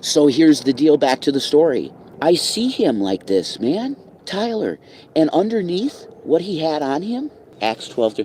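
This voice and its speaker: A reverend talking casually outdoors in a rambling, profane, preachy rant. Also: male voice, on the high side, very animated, unhurried, a little mellow, slight background noise, rough recording.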